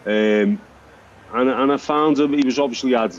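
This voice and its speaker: A man who used to box, answering as a radio pundit at a middle pitch. His speech is halting and thoughtful, full of restarts, and the audio sounds a little dull, with faint hum behind. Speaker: former boxer, pundit. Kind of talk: radio sports chat.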